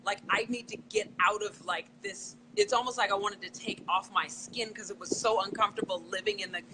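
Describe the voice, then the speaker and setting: A woman's voice: mid-range voice, steady tone, fairly quick, sharp tone, slight background noise, rough recording. A woman co-host in a casual conversation, often agreeing and affirming her partner.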